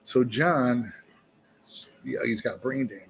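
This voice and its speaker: A man's voice: medium pitch, a little slow, pauses often. A man, a musician guest, tells a long story with energy and profanity at an indoor bar, acting out the voices of the people in it. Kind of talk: animated storytelling.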